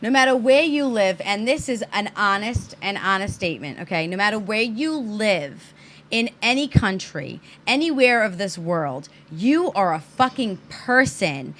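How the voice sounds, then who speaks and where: A woman's voice: medium pitch, lively intonation, a little slow, a bit bright. A woman co-hosting a casual talk show, ranting with emphatic profanity. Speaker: co-host. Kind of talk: heated casual chat.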